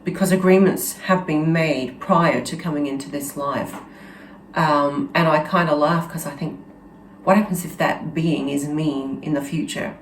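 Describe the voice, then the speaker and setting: A woman host telling a personal story in an earnest, halting way, with many restarts and fillers. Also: low voice, steady tone, a little hiss or hum. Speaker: channel host. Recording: roomy echo with faint ambience.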